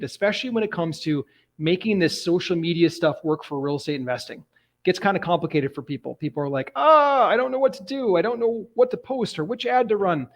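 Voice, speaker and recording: Man, slightly higher voice, animated storyteller, live online coaching. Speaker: real estate investing coach. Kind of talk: live online training talk.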